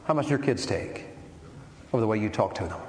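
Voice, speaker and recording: A man's voice: lowish voice, expressive, a little fast, a crowd in the background. Male preacher in an echoey hall. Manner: rhetorical questions, building to forceful emphasis. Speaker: preacher at a men's meeting. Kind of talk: sermon. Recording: echoey hall with long reverb and faint noise.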